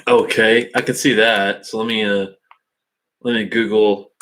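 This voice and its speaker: Man, low voice, casual webcam stream host, halting and thinking aloud. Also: little pitch movement, a bit bright, a little hiss or hum. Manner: halting, thinking aloud with many fillers and restarts. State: hiccups. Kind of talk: casual live-stream chat.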